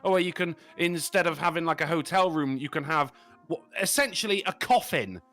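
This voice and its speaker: An English man on a podcast, chatting casually, swearing a lot and complaining in an animated way. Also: fairly high pitch, moderate pace, soft background music. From England. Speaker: podcast co-host. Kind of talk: casual banter.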